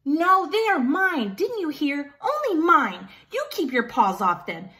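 A woman voicing a selfish, grumpy male pug dog who shouts possessively in a storybook reading. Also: high-pitched, sing-song, measured pace, pitched above the performer's own voice, heavily acted. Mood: greedy shouting.

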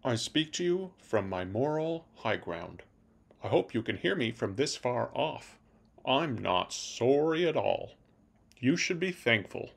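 A lofty, self-righteous partner sounds wounded and superior, as a man acts him out. His voice is gravelly and swoops up and down theatrically. It is played for laughs in a comic sketch. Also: medium pitch, sing-song, measured pace, full character voice. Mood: pompous. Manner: haughty, self-righteous, grandiose. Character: pompous offended partner, adult man.

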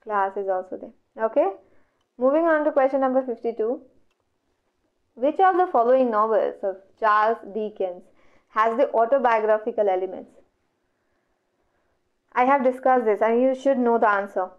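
A woman's voice: a little high, moderate pace, long pauses. A woman with an Indian English accent teaching an online exam revision lecture, working through questions step by step and asking herself questions that she then answers. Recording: dull lo-fi audio.

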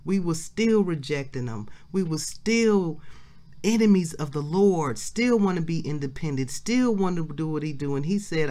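A woman's voice: sits low, lively intonation, normal speed, mellow. A middle-aged woman preaching a devotional with fervor, repeating phrases and breaking in with praise, close to tears. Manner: fervent, repeats phrases, interjects praise and hallelujahs. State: near tears. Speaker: minister leading a devotional.

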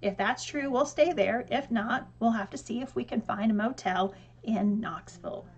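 An organized, businesslike mother reads her plans point by point, as a woman reader puts her on. Her voice sits somewhat high, and the recording is a little dull. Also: husky. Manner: methodical, brisk list-reading.

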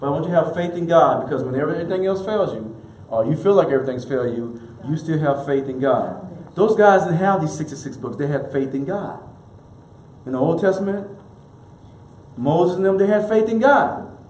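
This fairly high-pitched male minister has a darkish tone, with a slight hiss or hum on the recording. He preaches emphatically in a roomy, echoey room, repeating lines for the congregation to say back and chuckling now and then.

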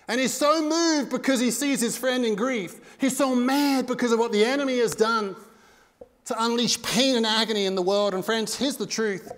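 A male pastor preaching an impassioned sermon, swinging between loud and hushed. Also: very high-pitched, normal speed. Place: church sanctuary. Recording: long reverb of a church hall.

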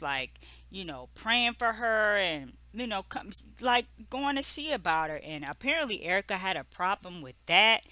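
Woman gossip vlogger, unhurried, dry close sound, chatty with lots of fillers. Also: fairly low pitch, sharp tone, no room sound. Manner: chatty, loose, with many fillers and restarts. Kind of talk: casual gossip recap.

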